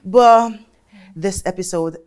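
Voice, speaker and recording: A woman hosting a casual talk show, animated and emotional, speaking dramatically. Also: mid-range voice, slow pace. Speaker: host.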